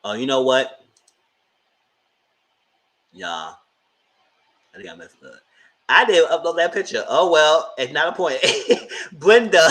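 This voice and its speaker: A man's voice: on the high side, big pitch swings, slow, pauses often, fairly bright tone. A man with hosting a casual live TV review, talking in slang, laughing often and acting out characters' lines. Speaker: host.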